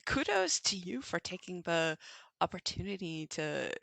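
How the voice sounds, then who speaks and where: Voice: medium pitch, sing-song, unhurried, vocal fry, pushed and bright, dry recording. A podcast co-host in casual chat, supportive and chiming in with short reactions and praise.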